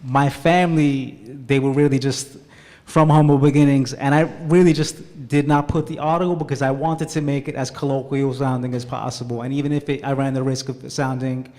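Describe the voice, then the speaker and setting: A man's voice: medium pitch, level tone, a little fast, a little mellow. A man translator speaking at a live panel, hesitant, repeating words and mixing in Italian phrases. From Italian-American family. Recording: reverberant hall.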